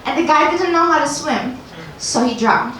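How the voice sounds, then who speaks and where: A woman's voice: high-pitched, lively intonation, moderate pace, fairly bright tone. A young woman from Turkey performing a stand-up comedy set in a comedy club, delivering her punchlines in a dry, offhand way with little chuckles. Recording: very echoey, distant room sound with noise.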